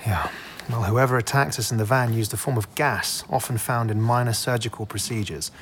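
A man's voice: mid-range voice, a little fast, fairly bright tone, slight background noise, natural voice. A man as a level-headed, loyal agent. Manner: matter-of-fact. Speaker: intelligence agent.

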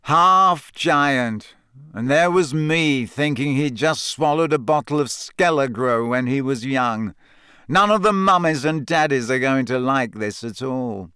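A man voicing a spoiled teenage bully who drawls slowly and gloats. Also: medium pitch, lively intonation, bright, forceful tone, clean tone, dry recording, clean studio sound. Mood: gloating.

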